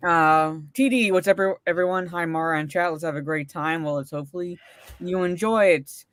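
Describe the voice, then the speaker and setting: A woman's voice: lowish voice, a little fast, clear, resonant tone. A woman co-hosting a casual livestream and reading out chat messages, talking in a rambling way with many fillers and restarts. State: recovering from a migraine. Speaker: co-host reading live chat.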